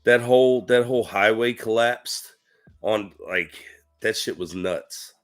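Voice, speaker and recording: A man's voice: fairly low pitch, a little slow. A man co-hosting a livestream in casual chat, chatty and teasing, often laughing at his own jokes. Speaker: co-host.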